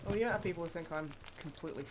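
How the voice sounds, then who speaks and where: Sweary Australian woman streamer, lowish voice. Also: background noise. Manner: blunt, sweary, quick to laugh. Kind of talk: casual chat while livestreaming a game.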